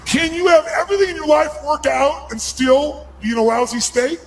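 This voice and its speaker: A man giving a motivational seminar speech to a live audience, loud and commanding, often shouting and firing questions at the crowd. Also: extremely high pitch, a little hiss or hum, low-quality recording. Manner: asks the audience rapid questions. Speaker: motivational speaker.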